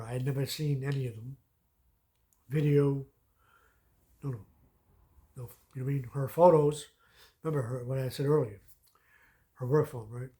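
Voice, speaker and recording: A man of ordinary pitch tells a long personal story in a loose, rambling way. He swears freely and keeps circling back with filler phrases. His tone is casual and unpolished, like a vent to a friend. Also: a little mellow. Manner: profane, rambling, repeats "you know what I mean". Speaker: vlogger.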